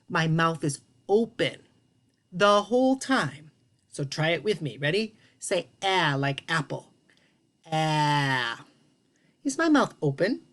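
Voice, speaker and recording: A woman teaching a children's phonics lesson in an animated, encouraging way, drawing out each sound. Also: deep voice. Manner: sing-song, animated, encouraging with drawn-out sounds.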